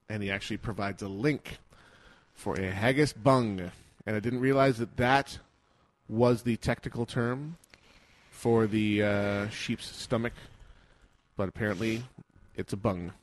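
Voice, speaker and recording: A man's voice: lowish voice, measured pace. A man co-hosting a casual podcast, reading listener mail aloud and teasing in a playful, joking way. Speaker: podcast co-host.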